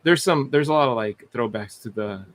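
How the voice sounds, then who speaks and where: A man's voice: mid-range voice, normal speed. Rambling, laughing podcast co-host man. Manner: rambling, laughs often, many restarts. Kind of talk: casual live-stream chat.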